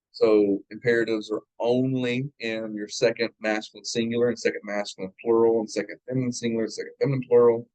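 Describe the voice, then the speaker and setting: A man's voice: medium pitch, dry recording, rough recording. A man teaching a church Hebrew class, drilling verb forms aloud and checking in with his students as he goes. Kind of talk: classroom grammar lecture. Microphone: live class recording.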